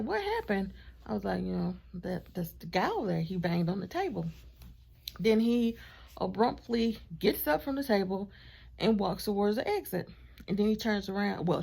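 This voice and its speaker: Woman vlogger doing a chatty storytime, gravelly fry in her voice. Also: mid-range voice. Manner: chatty, animated storytelling with asides to her partner. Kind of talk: casual storytime vlog.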